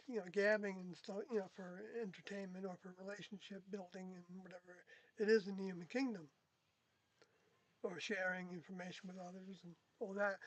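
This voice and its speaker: A speaker in an unscripted reflective monologue, talking haltingly with many pauses and self-corrections as they look back on their time in a group. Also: mid-range voice, dry recording, rough recording. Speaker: former group member recounting experiences.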